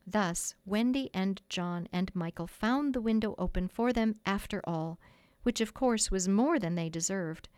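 A woman's voice: medium pitch, unhurried, a little mellow, clear, resonant tone, no echo. Woman reading a storybook aloud. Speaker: audiobook reader. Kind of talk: storybook narration.

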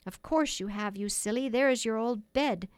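A woman's voice: on the high side, moderate pace, clear, resonant tone, no room sound, natural voice. Woman doing an earnest, motherly young girl.

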